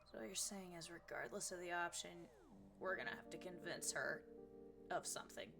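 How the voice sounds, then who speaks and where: A woman's voice: fairly low pitch, fairly quick, vocal fry, over music. A woman voicing a blunt, sarcastic young wife who talks in a dry, casual way with plenty of fillers. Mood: sardonic.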